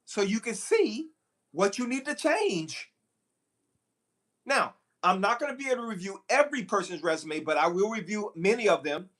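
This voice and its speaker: Man, recruiter, live stream talk, high voice, animated, repetitive emphasis. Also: normal speed. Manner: animated, preachy, repeats phrases for emphasis.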